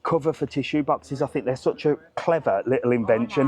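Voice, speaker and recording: A man's voice: mid-range voice, a little fast, few pauses, darkish tone. A middle-aged man, vlogging as he walks through an outdoor market, chatty and ranting, laughing often. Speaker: travel vlogger. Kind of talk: casual walking vlog chat. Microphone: clip-on mic, later removed.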